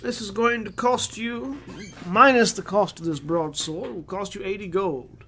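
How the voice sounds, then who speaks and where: A man's voice: high voice, moderate pace, sharp tone, a little hiss or hum. A man doing a businesslike fire-breathing smith. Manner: businesslike, haggling salesman. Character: fire-breathing male blacksmith shopkeeper.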